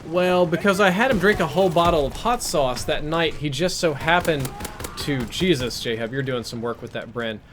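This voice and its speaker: A man's voice: a little high, lively intonation, normal speed, a bit bright, a little hiss or hum. Rambling man telling a crude story. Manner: rambling, crude, self-mocking. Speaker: game streamer. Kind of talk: casual storytelling while gaming. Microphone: headset.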